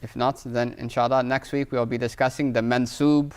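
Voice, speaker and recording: A man's voice: medium pitch, flat delivery, moderate pace, clean tone. A man teaching Arabic grammar in a live class, explaining step by step, checking in with a constant "right?", and reading Arabic phrases aloud. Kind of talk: live online class lecture with Q&A.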